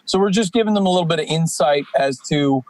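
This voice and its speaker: A man in his forties, a professional wrestler and podcast guest, talking at length in a rambling, energetic way with many fillers. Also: a little high, fast talker, no echo. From Canadian East Coast. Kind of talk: casual podcast chat.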